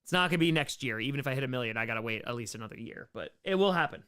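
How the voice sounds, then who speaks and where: A man's voice: medium pitch, lively intonation, rapid-fire, fairly bright tone, smooth. A man hosting a casual live-stream Q&A, upbeat and rambling, thanking viewers by name, his voice a bit worn from hours of talking. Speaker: live-stream host answering chat questions.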